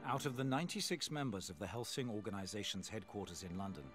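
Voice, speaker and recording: Brief: male actor as an older loyal butler, lowish and lively in pitch, formal, with score music under the anime clip. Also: close to an everyday voice. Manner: formal, measured report.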